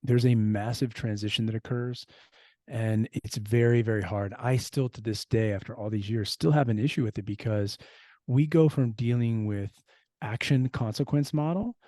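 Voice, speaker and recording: A man's voice: mid-range voice, normal speed, dark tone, no room sound. A man, a former US Marine and security expert, speaking as an interview guest in an earnest, reflective way with frequent restarts. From United States. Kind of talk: casual interview talk.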